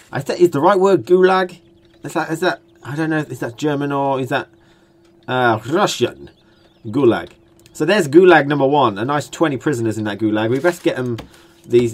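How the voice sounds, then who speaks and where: A man's voice: medium pitch, a little hiss or hum. A young British man, a gaming channel host, giving rambling, jokey let's-play commentary while he builds in a game. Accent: British English. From Britain.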